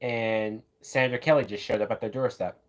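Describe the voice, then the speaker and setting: A man's voice: on the low side, steady tone, brisk. A man giving casual, loose live commentary while watching a movie, often tossing in "man" and "like". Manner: loose, chatty, says "man" and "like" a lot.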